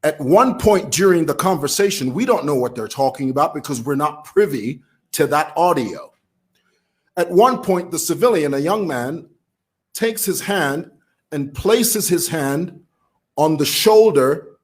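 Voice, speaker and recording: A man's voice: on the high side, expressive, unhurried. A man from Zambia with a Zambian accent, talking casually to camera as a vlogger who laughs while he talks. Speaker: vlogger commentator.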